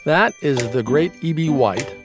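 A man's voice: on the high side, animated, a little slow, over music. A man hosting a public radio show, delivering polished scripted links and introductions. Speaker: radio host.

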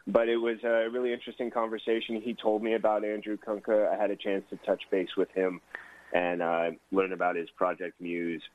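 A man hosting a radio interview, talking haltingly with many fillers. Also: fairly low pitch, level tone. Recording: tinny phone-like radio sound.

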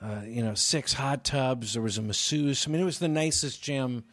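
A man casually telling a lively comedy-club road story to a friend, acting out the voices of the people in it. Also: mid-range voice, moderate pace. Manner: animated storyteller, acts out quoted voices.

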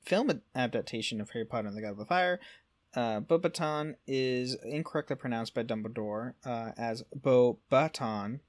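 A man's voice: mid-range voice, brisk. A man co-hosting a casual podcast, reading through lore notes with frequent fillers and self-corrections. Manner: reads notes with frequent fillers and self-corrections, stumbles over French words. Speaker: podcast co-host.

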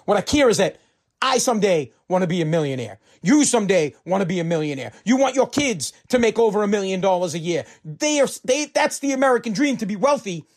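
A man's voice: high voice, very animated, brisk. A man delivering a heated, profane political rant, fired up and repeating himself.

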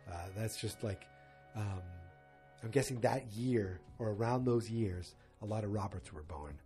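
A man's voice: fairly low pitch, a little mellow. A man casually recapping a TV episode in a loose, rambling way with joking asides.

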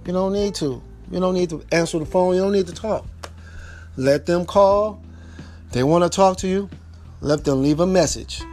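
A man's voice: sits high, normal speed, darkish tone, soft background music. A man giving casual relationship advice, repeating his points emphatically and speaking informally straight to the listener. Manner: informal speech with double negatives.

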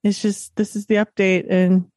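A woman's voice: medium pitch, level tone, normal speed, warm tone, no room sound, clean studio sound. A woman co-hosting a casual chat, self-deprecating and emphatic about her small troubles. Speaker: podcast co-host.

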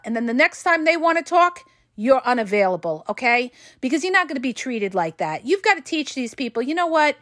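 Woman, podcast host, high-pitched, dry close mic, blunt, emphatic, swears casually. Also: very animated, brisk, a bit bright, no room sound. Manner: blunt and emphatic, with frequent "okay?" and "all right?" check-ins. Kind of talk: casual advice monologue.

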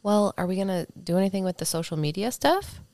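A woman co-hosting a casual chat, sniffling with a runny nose and mostly giving short, quiet replies. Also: medium pitch, animated, fast talker, dry recording. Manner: brief, quiet back-channel replies. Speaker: podcast co-host.

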